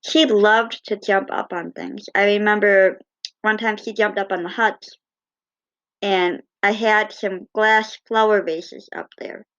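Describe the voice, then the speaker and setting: A woman telling fond, gently humorous personal stories in a casual way. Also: mid-range voice, fairly even intonation, measured pace, dull audio. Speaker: cat owner.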